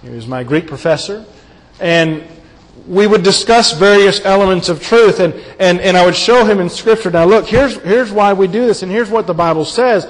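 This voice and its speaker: A man preaching a sermon and working verse by verse through scripture. He speaks earnestly and drops to a quiet voice when he wants to stress a point. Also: sits high, normal speed. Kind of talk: sermon, Bible exposition. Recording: long hall reverb.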